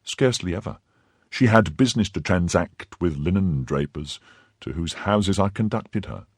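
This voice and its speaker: A man's voice: deep voice, animated, moderate pace, no room sound, studio quality. A man playing a nervous, fawning mercer. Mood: nervous deference. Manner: anxious, deferential, cries out in alarm. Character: timid middle-aged male mercer, fearful, fawning.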